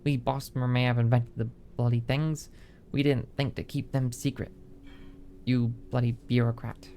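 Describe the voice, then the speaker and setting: A man's voice: medium pitch, normal speed, a little hiss or hum, natural voice. A man reading aloud the lines of a miserable, surly drunken elf riverboat captain from a game book, in a fairly plain voice. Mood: snappish. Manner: read aloud flatly from a book.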